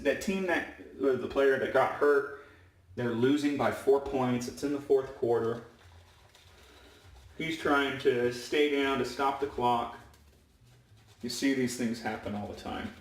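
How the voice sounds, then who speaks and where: Referee-type man talking, loose and rambling, mid pitch, recorded in a roomy space away from the mic. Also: unhurried, distant mic. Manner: rambling, self-correcting, with many fillers. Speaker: high school basketball referee. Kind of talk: casual storytelling vlog.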